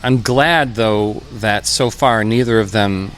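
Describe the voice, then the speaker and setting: A man in his fifties, a musician guest, talking in a relaxed, reflective way with many pauses and fillers, in a brewpub. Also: fairly low pitch, slight background noise. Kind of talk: relaxed conversational interview. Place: brewpub restaurant.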